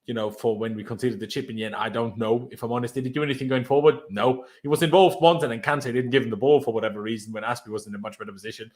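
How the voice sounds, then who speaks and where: A man's voice: mid-range voice, very fast, hardly any pauses. Laid-back man hosting a fan chat. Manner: relaxed, laid-back, often trails off quietly. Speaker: podcast host leading player ratings.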